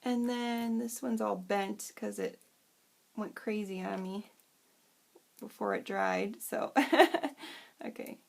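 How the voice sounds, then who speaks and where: A woman's voice: mid-range voice, little pitch movement, slow pace, vocal fry, pauses often, darkish tone. A woman hosting a crafting tutorial, chatty and bubbly, who rambles and often loses her train of thought. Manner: bubbly and self-deprecating. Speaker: craft channel host.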